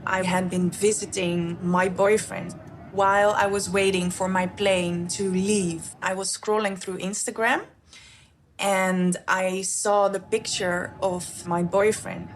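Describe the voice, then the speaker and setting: A woman recounting in a documentary clip how she found out about her boyfriend, speaking in a measured way. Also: medium pitch, level tone, slight background noise, natural voice. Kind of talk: documentary testimony. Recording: music under the voice.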